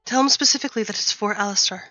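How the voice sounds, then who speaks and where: Woman, tabletop player, courteous in-character talk, bright tone, dull dry mic. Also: mid-range voice, very fast, dry recording, soft background music. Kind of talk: tabletop role-play.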